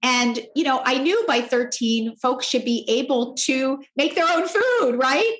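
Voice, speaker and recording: A woman guest telling a personal story in conversation, animated and jumping up in pitch when quoting others. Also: unhurried, reverberant. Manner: animated, jumps up in pitch to act out quoted speech. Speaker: podcast guest.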